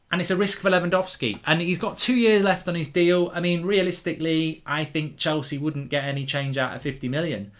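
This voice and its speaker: Hosting a football channel, a man with a medium-pitched voice talks through transfer news. He's animated and opinionated, thinking aloud as he goes.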